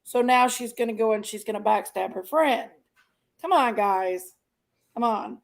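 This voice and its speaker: A woman's voice: fairly high pitch, a little slow, vocal fry, poor audio. A woman joining a casual livestream, blunt and opinionated in her talk.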